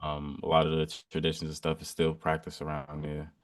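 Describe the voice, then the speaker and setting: Deep-voiced man, halting, far from mic. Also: monotone. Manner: halting, many ums, repeats words, drops quiet. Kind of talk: casual chat. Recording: distant from the mic.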